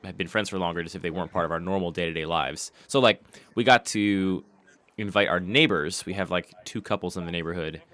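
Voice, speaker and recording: Deep-voiced wry man, dry mic. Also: fairly quick, a bit bright, no echo. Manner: wry, sarcastic, swears freely. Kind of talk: casual chat.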